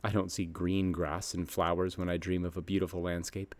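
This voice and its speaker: Deep-voiced man telling a folksy garden story. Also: little pitch movement, fairly quick. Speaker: garden nursery host. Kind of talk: scripted read-aloud column.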